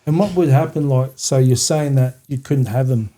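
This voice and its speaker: A man's voice: mid-range voice, normal speed, dark tone. A man hosting a podcast interview, dropping brief backchannels and asking probing follow-up questions. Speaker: podcast host.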